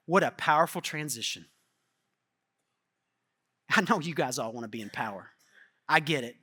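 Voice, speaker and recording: A man preaching a sermon as pastor, casual and animated, acting out the quotes in his stories. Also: on the high side, normal speed, long pauses.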